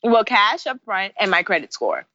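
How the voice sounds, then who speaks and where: A woman's voice: mid-range voice, moderate pace, dry recording. A woman in her thirties, a bridal designer, telling stories in a casual interview with frequent laughs. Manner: animated, laughs often while telling stories. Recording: dry, slightly dull podcast audio.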